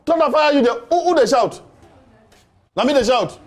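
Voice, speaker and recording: A spoiled grown son with a Nigerian accent, yelling for his food in a high, strained voice. He is pushy and loud and talks over everyone. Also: animated, moderate pace, noisy background. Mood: demanding. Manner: shouting, demanding.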